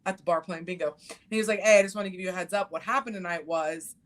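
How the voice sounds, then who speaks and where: A middle-aged woman hosting a casual chat, blunt and quick to swear, acting out what people said. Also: lowish voice. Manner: blunt, swears freely, acts out quotes. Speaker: podcast host.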